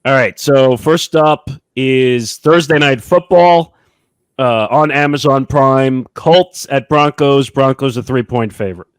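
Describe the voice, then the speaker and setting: A man co-hosts a sports podcast, reading out each matchup in a slow, drawn-out announcer style. His voice is dry and close, with no room sound. The rest is relaxed, casual chat. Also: medium pitch, clean tone, no echo. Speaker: podcast co-host.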